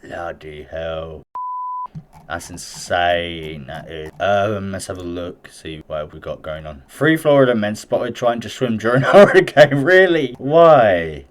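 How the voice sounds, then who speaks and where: A man with a deep, low voice reads news items aloud in a loose, casual way. He breaks in often with blunt, off-the-cuff reactions and plenty of swearing. It sounds like an informal host chatting through the headlines. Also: lively intonation, unhurried. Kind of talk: reading and reacting to news stories.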